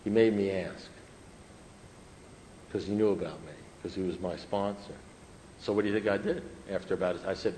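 A man telling his recovery story to an audience, animated, swinging from loud outbursts to quiet asides. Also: sits low, a little fast, long pauses. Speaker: recovery speaker. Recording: echoey room, faint background noise.

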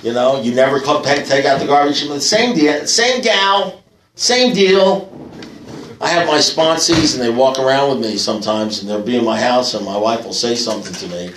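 A man's voice: mid-range voice, moderate pace, a bit bright, far from the mic, slight background noise. An older man telling stories at a recovery meeting in a wry, self-mocking way, with punchy jokes. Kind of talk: storytelling share at a recovery meeting. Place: meeting hall with live audience. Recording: echoey room, picked up from afar.

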